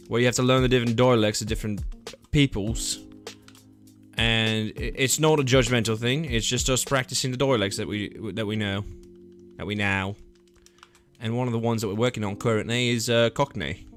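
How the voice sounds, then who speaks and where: A young man talks through his gameplay stream in a loose, rambling way, upbeat and thinking out loud. His voice sits at an ordinary middle pitch, with quiet music playing underneath. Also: steady tone, moderate pace. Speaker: game streamer. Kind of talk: casual live gameplay chat. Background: faint background music.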